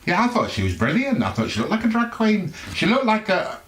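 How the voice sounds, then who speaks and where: Gossiping ladies trading blunt remarks, as a man puts them on. The voices sit high and swing up and down a lot. They come through with a roomy echo. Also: wildly swooping pitch, fairly quick, fairly bright tone, slight background noise, exaggerated voice. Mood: gossipy. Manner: blunt, gossipy, mock-innocent. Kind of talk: comedy sketch chat in character. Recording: echoey room.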